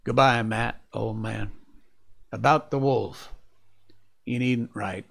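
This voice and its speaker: A man with a gravelly voice reading the calm, measured lines of a reserved gentleman. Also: medium pitch, heavily acted. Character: calm, reserved grown man, the dog's master.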